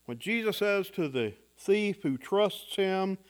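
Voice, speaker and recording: A man preaching a sermon in a measured, reflective way, pausing for effect. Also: high-pitched, lively intonation, clean tone. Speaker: pastor.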